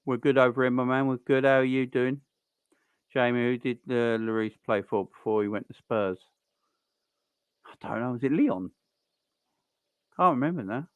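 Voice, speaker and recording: Bloke doing a footy watchalong stream, rambly chat with viewers, normal pitch, dry close sound. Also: male voice, normal speed, long pauses, clean tone, no room sound. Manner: chatty and rambling, greets viewers and answers chat. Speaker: live-stream host. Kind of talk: casual football watchalong commentary.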